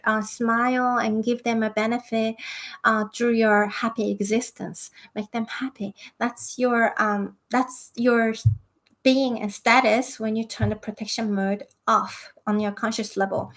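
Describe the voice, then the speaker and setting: A woman hosting a spiritual self-help monologue, talking hesitantly with many fillers. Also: on the high side. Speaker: spiritual talk host.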